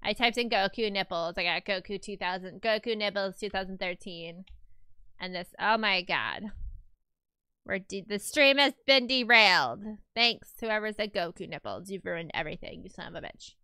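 A woman streamer chatting casually with her live chat while drawing, playful and quick to laugh and react out loud. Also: mid-range voice, animated, smooth, dry recording.

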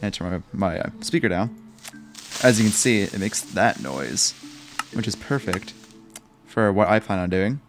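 A man's voice: on the low side, animated, a little slow, long pauses, music in the background. A man giving rambling, joking and self-mocking gameplay commentary as a Minecraft YouTuber.

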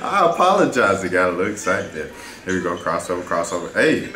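Male channel host, lowish voice, very animated highlight reaction caller, roomy echo in the room. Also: fast, crowd noise. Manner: excitable, hype play-by-play calls with frequent laughter. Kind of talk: basketball highlight reaction commentary.

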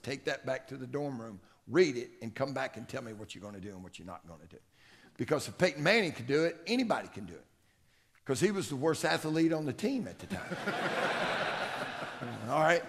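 A middle-aged man, a strength coach, tells folksy stories during a conference presentation held in a conference room. His mid-range voice has vocal fry, and he acts out quotes as he goes.

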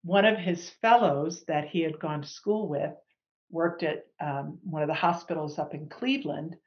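A middle-aged woman sharing a personal healing testimony as a guest, animated and acting out the people she quotes. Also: sits low, moderate pace, lo-fi sound. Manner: animated, acts out quoted dialogue.

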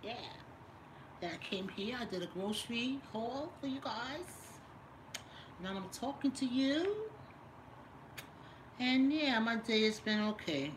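A woman's voice: a little high, lively intonation, slow, long pauses, noisy background. A middle-aged woman live-streaming a casual vlog, chatting and teasing while she reads viewer comments aloud. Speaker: lifestyle vlogger doing a live stream.

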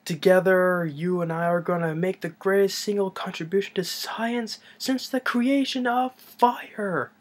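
A man voicing a high-strung male scientist in a shrill, theatrical, shouting voice. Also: a little slow, few pauses. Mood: grandiose.

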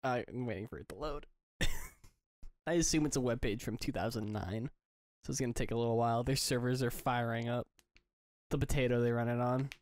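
A man's voice: medium pitch, normal speed, dry recording. A young man co-hosting a podcast, telling a rambling story with dry jokes in casual chat. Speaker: podcast co-host.

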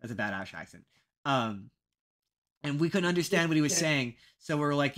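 Bright-voiced animated young man. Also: on the high side, brisk. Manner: animated, rambling, self-mocking. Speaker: podcast co-host. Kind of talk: casual podcast chat.

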